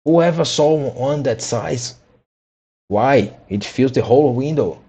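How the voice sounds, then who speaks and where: A man's voice: medium pitch, unhurried, dark tone, breathy edge, voice pushed up. A man voicing a flustered, bossy male rabbit who barks impatient orders. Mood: angry.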